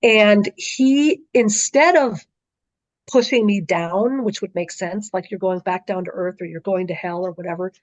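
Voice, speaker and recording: A middle-aged woman, a podcast guest, recounts a dream in conversation, telling it vividly with plenty of small fillers at a measured pace. Her pitch is ordinary, and the close, dry recording gives a slightly dull, muffled tone.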